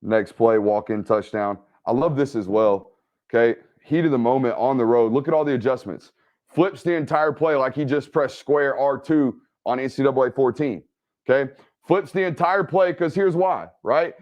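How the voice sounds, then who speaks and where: A man hosting an energetic game film breakdown. He keeps checking in with "right?" and "okay?". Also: medium pitch, normal speed, lo-fi sound. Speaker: football film analyst and host.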